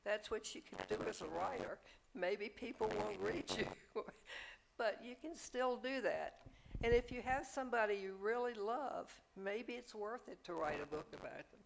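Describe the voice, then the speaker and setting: An older woman telling a personal story on stage, slow and emphatic, rising into theatrical recitation. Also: medium pitch, gravelly, background noise.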